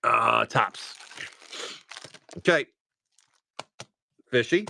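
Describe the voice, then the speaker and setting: A man with a Massachusetts accent hosting a live stream, opening card packs and rattling off each card in quick lists with joking asides. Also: mid-range voice, creaky, pushed and bright. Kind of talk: casual live commentary.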